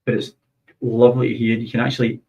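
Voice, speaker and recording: A man's voice: medium pitch, completely flat delivery, fast talker, vocal fry, mellow. A Scottish man, a pundit, teasing the host in friendly studio banter. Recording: distant muffled audio.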